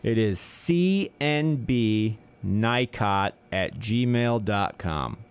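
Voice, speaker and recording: A man co-hosting a small community radio show, chatting casually into a studio mic. His voice sits a little low, but his pitch swings widely as he tells stories. He acts out other people's lines in put-on voices. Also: expressive, drawn-out words, clear, resonant tone.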